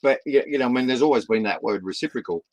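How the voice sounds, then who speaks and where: A man's voice: medium pitch, fast talker, darkish tone, low-quality recording. An Australian man in his fifties, a guest in an interview, talking with passion, repeating words and pushing his point with rising emphasis. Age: 50s. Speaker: guest, community partnerships founder.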